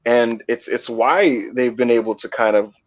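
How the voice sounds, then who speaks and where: A man's voice: mid-range voice, steady tone, moderate pace. A man co-hosting a podcast in casual chat, often stammering and repeating words as he starts a thought. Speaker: podcast co-host. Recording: slightly dull lo-fi mic.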